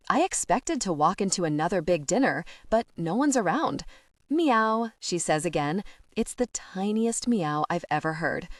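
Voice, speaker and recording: Woman reading an audiobook in first person, expressive, middle pitch, dead dry sound. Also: no echo. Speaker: audiobook narrator.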